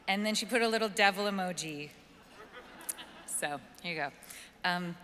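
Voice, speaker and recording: Woman reading out a funny note at an awards show, chatty and amused, bright voice, echoey hall. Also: medium pitch, normal speed. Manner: amused, chatty, breaking into laughter. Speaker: presenter accepting on a colleague's behalf. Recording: echoey hall with faint room noise.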